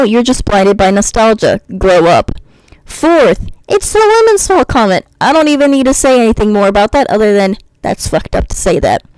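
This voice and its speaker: A woman's voice: a little high, darkish tone, no echo, low-quality recording. A woman vlogger giving a blunt, sarcastic rant and mocking her commenters. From United States. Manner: blunt and sarcastic, mocks commenters in sing-song voices. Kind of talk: ranting commentary.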